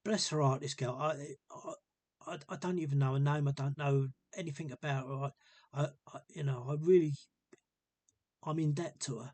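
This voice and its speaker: A man's voice: on the high side, steady tone, brisk, darkish tone, no room sound. A man telling a personal story in a casual, rambling way, often repeating himself with earnest feeling.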